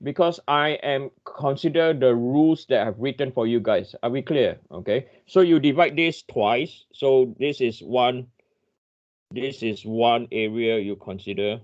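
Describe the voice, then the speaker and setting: A man's voice: mid-range voice, measured pace, a little mellow, muffled recording. A man lecturing an engineering class online. He thinks aloud, apologizes often and restarts his sentences.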